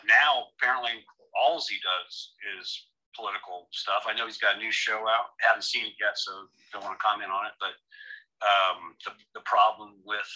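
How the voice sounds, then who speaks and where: A man's voice: lowish voice, bright, forceful tone, rough recording. An American man co-hosting a casual chat, opinionated and joking, with many restarts. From United States. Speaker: podcast co-host.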